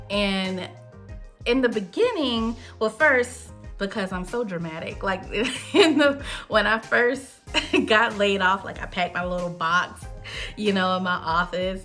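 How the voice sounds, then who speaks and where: Chatty woman host with a bright voice. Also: mid-range voice. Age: 30s. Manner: chatty, candid, with frequent fillers. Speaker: wine show host. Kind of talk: casual personal storytelling.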